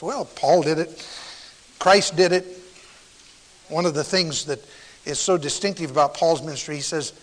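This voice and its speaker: A man preaching a sermon to a congregation, emphatic, with sudden quiet, near-whispered asides for stress. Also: fairly high pitch, moderate pace, long reverb tail, rough recording.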